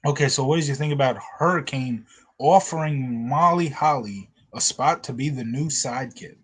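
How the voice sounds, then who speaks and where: A man hosting a casual review show, retelling scenes in a lively way, acting out quotes and laughing often. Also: mid-range voice, moderate pace, husky. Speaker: podcast host.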